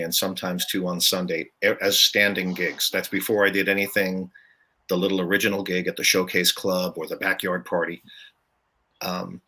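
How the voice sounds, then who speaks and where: Deep, bright-voiced older man chatting. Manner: chatty, storytelling, laughs often. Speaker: guest musician. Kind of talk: casual podcast chat.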